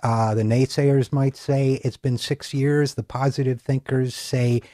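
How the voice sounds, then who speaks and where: A middle-aged man hosts a political commentary show and reads a scripted monologue. His tone is sarcastic and mocking. His voice sits at an ordinary middle pitch, and the recording is dry and close. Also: level tone, a little slow, warm tone, dry recording. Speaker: political talk show host.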